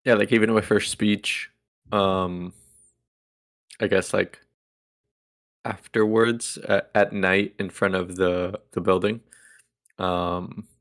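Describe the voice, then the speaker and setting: A man's voice: sits low, level tone, takes it slowly, pauses often, a bit bright. A man co-hosting a movie podcast, speaking hesitantly with fillers. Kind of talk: casual movie discussion.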